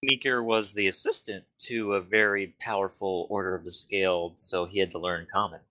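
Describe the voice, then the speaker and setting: Male game master, lower pitch, bright timbre, quick corrections. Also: fairly even intonation. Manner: narrating and ruling, with quick repeated corrections. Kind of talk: running a tabletop game.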